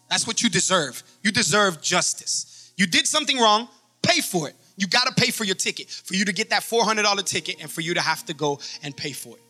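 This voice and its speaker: A man's voice: on the high side, pushed and bright. A man pastor preaching a sermon with emphasis, acting out stories as he goes.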